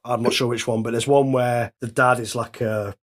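A man's voice: medium pitch, steady tone, normal speed. A man talks bluntly and offhandedly about films. His voice sits in an ordinary middle range. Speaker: podcast co-host. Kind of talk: casual chat.

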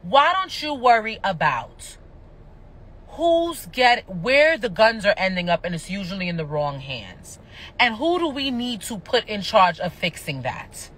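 A woman's voice: medium pitch, big pitch swings, unhurried, a bit bright. Fired-up woman ranting on a livestream. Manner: passionate, annoyed, cursing. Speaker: reality TV personality going live. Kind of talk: livestream rant.

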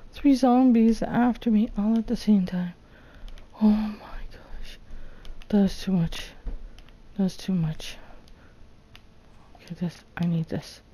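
A woman's voice: mid-range voice, dark tone. Jittery woman muttering through a scary game. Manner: jittery, frightened muttering and panicked yelps. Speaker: gaming channel host. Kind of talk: solo let's play commentary.

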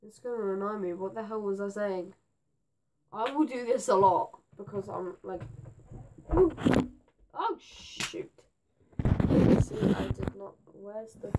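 A teenage girl, rambling to camera in her bedroom; her voice is going hoarse, and she is scatterbrained and jumpy. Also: mid-range voice, unhurried, background noise. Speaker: gaming vlogger. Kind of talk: rambling casual vlog to camera.

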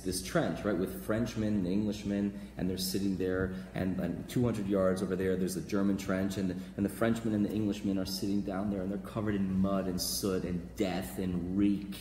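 A man teaching a live class as a rabbi, energetic and blunt, often repeating words. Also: low voice, normal speed. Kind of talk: animated live lecture. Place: lecture hall, live audience. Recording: echoey hall with faint noise.

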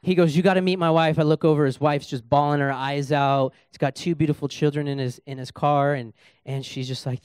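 A man's voice: a little high, fairly quick, clean tone, no room sound, clean studio sound. A young adult man preaching in a church as a guest speaker, telling a personal story and acting out the dialogue. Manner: animated storyteller, acts out dialogue. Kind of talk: sermon with storytelling. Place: church sanctuary.

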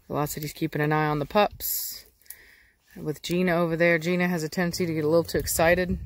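A woman hosting a casual dog vlog outdoors. She explains training in a chatty way and switches to coaxing baby talk and sharp commands for her dogs. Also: deep voice, flat delivery, moderate pace, a little hiss or hum. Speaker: dog breeder and channel host.

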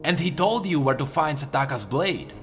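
A skeptical warrior pressing with doubtful questions, as a man puts him on. The pitch rides fairly high and lively in a fantasy story reading. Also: moderate pace, soft background music.

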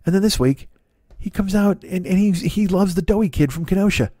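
A man's voice: sits high, fairly quick, warm tone, no room sound. A man in his fifties hosting a solo comedy podcast, rambling through a profane, sarcastic rant. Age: 50s.

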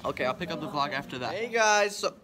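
Classmates chatter loudly in the background as a young man records a casual school vlog on his phone through the library and classrooms. He speaks quickly and expressively in a fairly high voice, rambling, joking and swearing freely.

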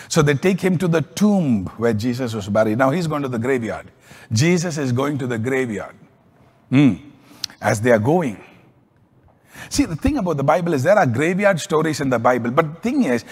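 Husky pastor preaching in a hall. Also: male voice, normal speed. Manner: storytelling with lively swings in pitch and volume. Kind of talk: sermon.

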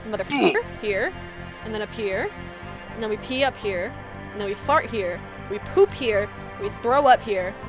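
A young woman streamer goofing around and swearing freely while commenting on a game she plays. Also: fairly high pitch. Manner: goofy, loud, swears freely. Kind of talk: let's play commentary.

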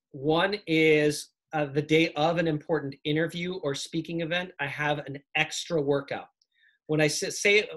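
A man with a slightly high voice gives a lively, casual workshop on speaking with confidence. He demonstrates small tricks as he goes and keeps an energetic, friendly teaching tone. He sounds like he is talking over a video call. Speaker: speaking coach.

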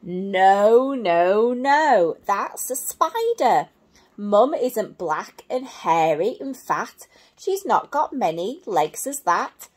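A woman's voice: medium pitch, very animated, extremely slow, a little mellow, heavily acted. A woman voicing a small young monkey looking for its mother in a storybook, insistently correcting a friend. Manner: insistent, exasperated repeated denials.

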